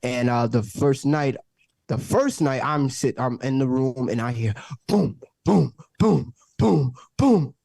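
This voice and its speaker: A man telling a story on a podcast by video call, animated, swearing freely and acting out the people in it. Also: medium pitch, measured pace, dry recording. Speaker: podcast guest. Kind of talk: casual storytelling. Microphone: own mic, peaking.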